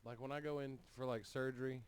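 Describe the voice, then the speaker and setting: A man's voice: medium pitch, steady tone, quick pace, clear, resonant tone. A man hosting a podcast, swearing and joking as he tells crude stories about his family. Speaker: podcast host. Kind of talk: crude casual banter.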